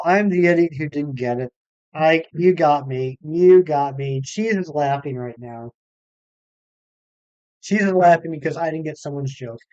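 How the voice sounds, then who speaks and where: A man's voice: on the high side, darkish tone, clean tone, no room sound, highs cut off. A man streaming a game live, chatting casually and reading viewer comments aloud. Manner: chatty, reads chat aloud, self-deprecating. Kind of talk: live stream chat while gaming.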